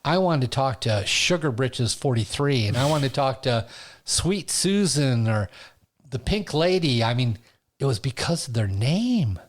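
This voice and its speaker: A man, a stand-up comedian, telling stories as a guest in a casual interview, animated and often laughing. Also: medium pitch, unhurried. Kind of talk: casual storytelling.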